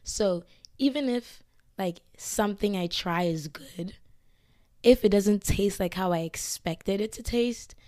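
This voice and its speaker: A young woman hosting a casual podcast, hoarse from losing her voice to illness, rambling with lots of fillers. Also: mid-range voice, measured pace, a little mellow, dry recording, studio quality. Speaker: podcast host. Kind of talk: casual chat. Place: indoors, filmed for a video podcast.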